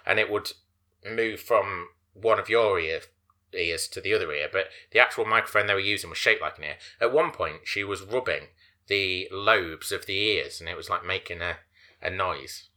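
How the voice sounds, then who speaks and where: A man's voice: low voice, normal speed, pushed and bright. A man co-hosting a podcast, chatting casually and rambling, often stumbling over his words. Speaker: podcast co-host.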